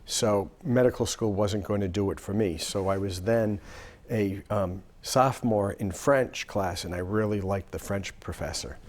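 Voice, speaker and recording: Older man, lowish voice, from Rhode Island, easygoing anecdotes, interview guest. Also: unhurried. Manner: relaxed anecdotal talk with fillers. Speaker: lawyer and guest. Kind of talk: storytelling interview answers.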